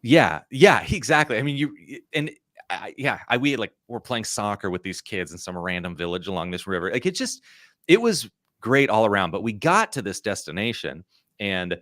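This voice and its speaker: A man in his thirties, appearing as a podcast guest, tells a story casually and ramblingly, peppered with "like" and "you know." His lowish, expressive voice has a fairly bright tone at normal speed, recorded in clean studio sound with no echo.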